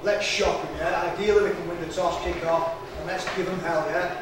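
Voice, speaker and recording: A man rallies his teammates with blunt, fired-up urging in a high, flat voice. He is heard from a distance in a booming, noisy room. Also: a little fast. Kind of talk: rallying team talk. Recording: very echoey room, distant mic, background noise.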